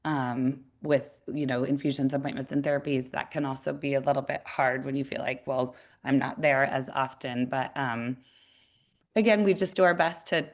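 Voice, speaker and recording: Low-pitched mom guest, measured, searching for words. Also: female voice. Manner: thoughtful, many fillers and restarts. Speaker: parent guest. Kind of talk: casual chat on a video call.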